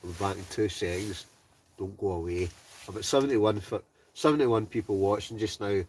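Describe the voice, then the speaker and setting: A man's voice: lowish voice, fairly even intonation, moderate pace, a little mellow, far from the mic, a little hiss or hum. A man with a Scottish accent from Ayrshire, casually chatting and laughing as he reads out viewer names on a livestream from his heated tent. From Scotland. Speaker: wild camping livestreamer reading chat. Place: inside a heated tent in the snow.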